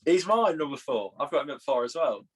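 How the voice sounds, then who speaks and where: A young English man co-hosting a podcast in casual, teasing banter, quick to laugh at his own jokes. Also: on the high side, sing-song, breathy edge. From England. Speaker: podcast co-host.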